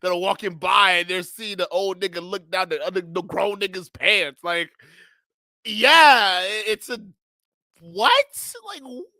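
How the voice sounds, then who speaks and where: A man with a high, bright voice reacts to a clip he's watching, laughing hard and shouting in disbelief between blunt, profane slang. He talks straight to his viewers. The sound is dry and close. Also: expressive, unhurried, no echo. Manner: blunt street slang, addresses viewers directly. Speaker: reaction video host. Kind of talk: reaction commentary.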